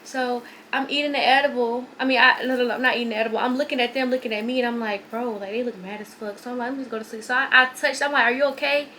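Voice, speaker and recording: A young woman vlogger telling a long, rambling story while doing her hair at home, repeating herself and talking in an animated way. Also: fairly high pitch, rapid-fire, few pauses, a little hiss or hum. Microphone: phone or camera on a stand.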